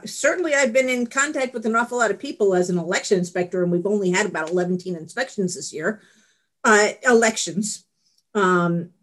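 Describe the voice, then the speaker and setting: A middle-aged woman giving a candid, rambling personal share at a support meeting, laughing at herself. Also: mid-range voice. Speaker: recovery meeting speaker.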